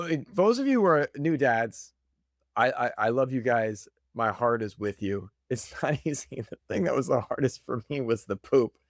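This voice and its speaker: A man talks to camera in a loose, chatty motivational monologue, often laughing at his own stories. His voice sits in an ordinary middle pitch. The sound is close and dry, with no room around it. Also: no echo. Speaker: podcast host.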